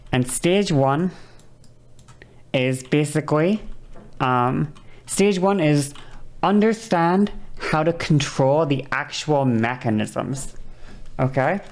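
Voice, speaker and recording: A woman with a low, gravelly voice talks casually on a stream, rambling and profane as she explains things. She keeps checking in with her listeners between points. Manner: rambling, profane, repeats okay often; demonstrates voice changes with whispery and high vocal sounds.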